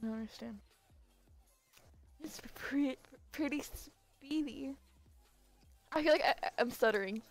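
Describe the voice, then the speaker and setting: A woman's voice: fairly high pitch, normal speed, pauses often, faint music behind. A young woman streaming a game live, chatting casually with viewers, giggling and stumbling over her words. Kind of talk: casual live-stream chat while gaming.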